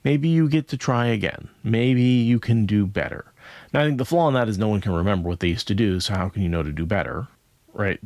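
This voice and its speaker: A man's voice: lowish voice, brisk, darkish tone, dry recording, studio quality. A man co-hosting a podcast, talking through a book in a casual, rambling way, checking in with "right?" as he goes. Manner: thoughtful, rambling with many "right?" asides. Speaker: podcast co-host.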